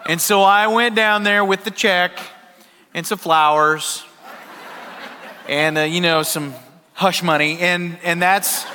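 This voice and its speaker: A middle-aged man, a pastor preaching a sermon and telling a lively story to his congregation. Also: high-pitched. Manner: animated, acts out voices in a story, laughs with the congregation. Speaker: worship pastor. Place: large church hall. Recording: reverberant church hall.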